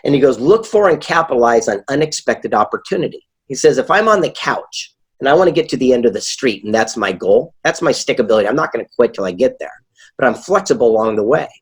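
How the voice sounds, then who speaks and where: Husky storytelling man, animated. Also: medium pitch, quick pace. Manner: animated, acts out quoted dialogue. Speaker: author and keynote speaker, guest. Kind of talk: casual interview storytelling.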